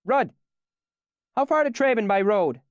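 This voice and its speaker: A woman's voice: low voice, animated, darkish tone, no echo, highs cut off, voice pushed up. A man putting on a brusque bustling innkeeper woman. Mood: brisk. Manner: brisk and snappish.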